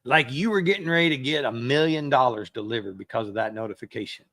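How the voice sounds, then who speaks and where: Pastor guy preaching, chatty, acts out little scenes, mid pitch, dry sound. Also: fast, a bit bright, dry recording. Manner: conversational, acts out quoted phone excuses. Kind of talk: sermon.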